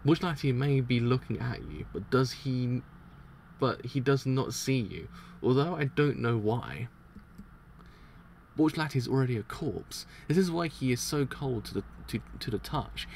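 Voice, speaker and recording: A scheming male crime boss speaks in a calm, controlling tone, weighing each instruction. A man reads him out, his voice gravelly, over a faint hiss. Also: mid-range voice, normal speed. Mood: cold, instructing. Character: scheming male mafia boss, cold and commanding.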